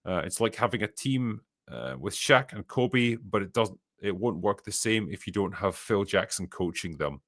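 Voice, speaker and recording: A man's voice: fairly low pitch, animated, normal speed, hardly any pauses, fairly bright tone, dry recording. Sardonic Scottish man reading viewer messages. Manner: dry, profane, sardonic. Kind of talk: casual chat.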